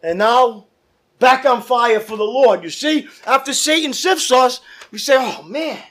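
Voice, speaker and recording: A man's voice: very high voice, unhurried, a bit bright. A man preaching a fervent sermon as pastor, calling out to his congregation. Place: church.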